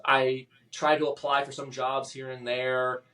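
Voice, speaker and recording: Male guest, mid-pitched, halting emotional storyteller, slightly distant mic. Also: level tone, sharp tone. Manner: halting, emotional, with many restarts and fillers. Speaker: podcast guest. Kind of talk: personal story in a podcast interview.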